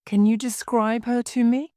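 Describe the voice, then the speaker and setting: A woman reading the part of a serious, calm male police inspector who asks steady, polite questions in a graded story reading. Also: a little high, normal speed, no room sound, studio quality, voice pushed up, close to an everyday voice.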